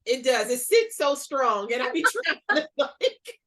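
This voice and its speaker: A woman in her thirties hosting a podcast, chatting casually with a friend in a playful, expressive way with plenty of laughs. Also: high voice, normal speed. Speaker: podcast host. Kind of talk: casual chat between friends.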